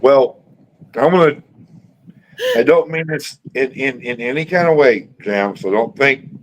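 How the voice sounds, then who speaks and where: A man of middle pitch hosting a laid-back live stream conversation. He talks easily and stumbles over repeated words as he starts his sentences, with faint noise behind his voice. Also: unhurried, low-quality recording. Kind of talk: casual chat.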